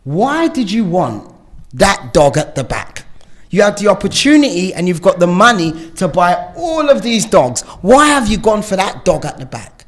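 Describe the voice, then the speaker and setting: A man's voice: high-pitched, sing-song, moderate pace. A man voicing an eager male pet shop owner in a spoken story, insistent and salesy. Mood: persuading.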